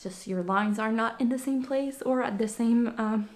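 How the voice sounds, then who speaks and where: A woman's voice: on the high side, moderate pace, darkish tone. Breathless woman chatting on her podcast. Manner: rambling, with frequent fillers and restarts. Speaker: podcast host. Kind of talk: casual chat.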